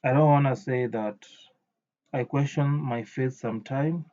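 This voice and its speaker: A man giving an indignant reaction commentary, halting often with fillers, on a dull lo-fi recording. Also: mid-range voice, mellow.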